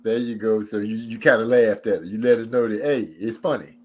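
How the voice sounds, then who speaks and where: A middle-aged man telling funny stories in casual chat, his voice jumping up when he quotes people. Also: fairly quick. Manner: animated storyteller, jumps high for quoted voices.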